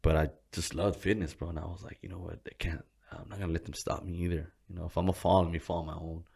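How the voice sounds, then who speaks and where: A young man tells his life story in a casual interview, with a quick, flat delivery in a gravelly, slightly rough, somewhat mellow voice. He swears constantly and acts out the people he quotes in a raised voice. He laughs as he tells it and sinks to a low murmur when he turns reflective.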